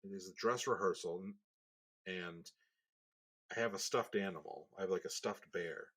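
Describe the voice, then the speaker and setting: Very deep-voiced man, chatty and relaxed. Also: normal speed. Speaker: podcast co-host. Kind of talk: casual storytelling.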